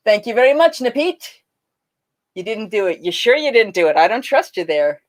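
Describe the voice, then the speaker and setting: A woman's voice: fairly high pitch, sing-song, normal speed. A woman and renaissance faire singer, singing bawdy folk songs and chatting with viewers on a livestream, reading out their comments between songs.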